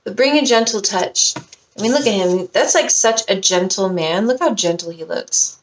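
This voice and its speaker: A woman's voice: mid-range voice, normal speed, slight background noise. Slangy, gushing woman tarot reader. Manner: slangy, profane and gushing, talks straight to viewers. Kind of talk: casual pick-a-card tarot reading.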